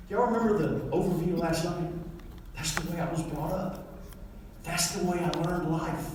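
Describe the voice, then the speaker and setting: Motivational speaker, middle-aged man, folksy storyteller, slightly high voice, roomy hall sound from a distance. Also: moderate pace, a little mellow, a little hiss or hum. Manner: folksy storytelling, acting out dialogue with his father. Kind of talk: motivational speech to a live audience. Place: large hall with an audience. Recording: echoey hall, mic far off.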